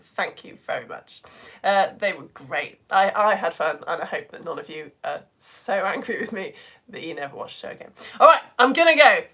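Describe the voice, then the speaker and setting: A woman's voice: mid-range voice, bright, forceful tone. A woman from the UK hosting a live online lesson, chatting casually with viewers in a self-mocking, giggly, rambling way. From United Kingdom.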